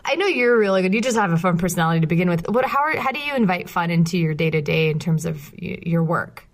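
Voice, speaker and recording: A woman's voice: lowish voice, lively intonation, quick pace. A Californian woman hosting a podcast, chatty and upbeat, laughing easily with her guest. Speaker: podcast host. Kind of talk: casual podcast interview and outro.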